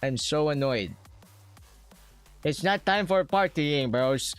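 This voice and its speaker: A young man streams a shooter live and comments as he plays. His pace is slow and drawn out, and he grumbles, swears and talks straight at his chat. Faint music plays behind him. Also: a little high, expressive, clean tone, no room sound.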